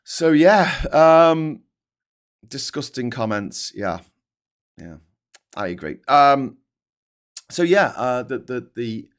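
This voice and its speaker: A man's voice: medium pitch, big pitch swings, slow pace, pauses often. A man hosting a show, ranting in casual, heavily sweary commentary. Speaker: host.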